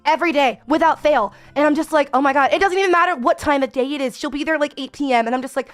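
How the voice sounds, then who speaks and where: High-pitched girl streamer chatting away, lots of likes and ums, soft music behind. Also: quick pace, dry recording. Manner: rambling, many fillers, reads chat aloud. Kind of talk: casual chat with chat readers.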